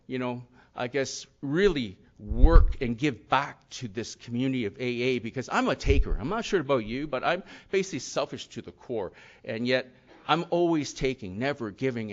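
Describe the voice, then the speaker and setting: Middle-aged man, earnest rambling testimony, mid pitch, slightly muffled recording. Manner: earnest, rambling with many "you know" and "and yet". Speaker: speaker sharing his recovery story. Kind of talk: personal testimony talk. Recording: slightly dull lo-fi sound.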